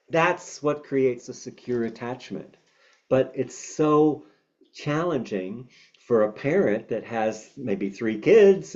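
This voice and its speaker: A man's voice: mid-range voice, a little mellow. A man with a bitten tongue who gives a reflective teaching talk as a meditation teacher and talks with hesitant fillers and restarts. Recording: slightly dull lo-fi audio.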